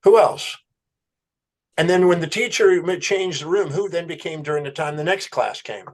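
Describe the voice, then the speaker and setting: Animated man retelling a client session. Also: on the high side, fairly quick. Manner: animated storyteller, quoting a client's answers. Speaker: guest. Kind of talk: storytelling in a podcast interview.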